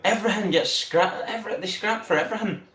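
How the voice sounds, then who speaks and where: Male streamer, fairly high voice, excitable and sweary, roomy echo. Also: quick pace. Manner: sweary, excitable, laughs often. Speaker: livestream host. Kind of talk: casual live-stream chat.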